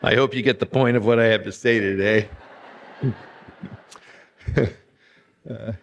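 A man's voice: lowish voice, steady tone, a little slow, creaky, long reverb tail, slight background noise. A man in his sixties from Pennsylvania, a retired pastor preaching a sermon with folksy, humorous storytelling. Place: church sanctuary.

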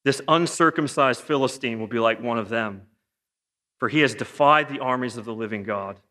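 A man preaching a sermon in a lively, joking way, firing off rhetorical questions. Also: medium pitch, moderate pace. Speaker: pastor. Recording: long hall reverb.

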